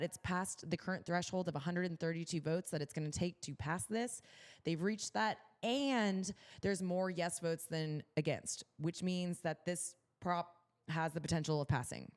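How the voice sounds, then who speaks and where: Casting: young adult woman, livestream co-host, bubbly and upbeat, slightly low voice, chatty delivery. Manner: bubbly, upbeat, many fillers. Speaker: podcast co-host. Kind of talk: casual livestream chat.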